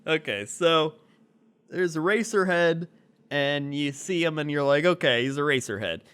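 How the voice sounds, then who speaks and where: A man's voice: fairly high pitch, moderate pace, fairly bright tone, clean tone. A man co-hosting a casual comedy podcast, rambling through a story with lots of fillers and easy laughs. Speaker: podcast co-host.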